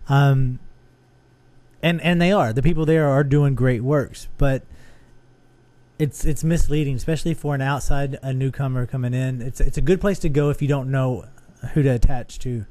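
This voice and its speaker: A man's voice: medium pitch, normal speed, dark tone, no echo. An earnest man co-hosting a casual discussion podcast, steering the talk with questions. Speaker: podcast co-host.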